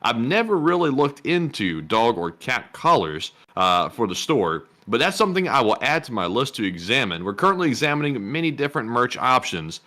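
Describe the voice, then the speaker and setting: A man's voice: medium pitch, very animated, moderate pace, few pauses, sharp tone. Upbeat male co-host reading viewer messages. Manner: upbeat, chatty, talks about merch plans. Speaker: co-host reading super chats. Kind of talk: casual livestream chat.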